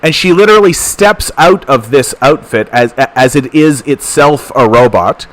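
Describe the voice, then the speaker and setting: A man from Canada hosting a livestream political commentary show, ranting fast with repeated phrases and stammered restarts. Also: medium pitch, lively intonation. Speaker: host.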